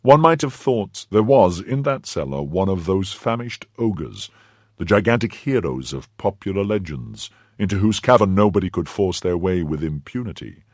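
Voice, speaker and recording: A man reading a novel aloud as an audiobook narrator, expressive in scripted narration. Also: sits low, moderate pace, no echo, clean studio sound.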